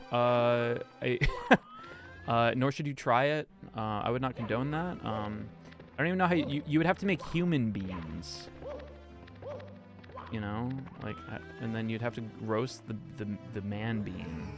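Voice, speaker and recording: A young man chatting casually on a live stream, rambling and swearing with lots of fillers. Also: medium pitch. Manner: rambling, profane, frequent fillers and laughs. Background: music playing underneath.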